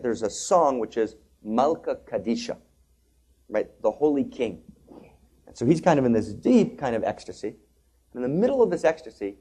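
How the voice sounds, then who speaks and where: A man giving a spiritual lecture, telling a story dramatically, dropping to hushed asides and rising to loud outbursts, and slowly chanting liturgical phrases. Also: mid-range voice, husky. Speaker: spiritual teacher.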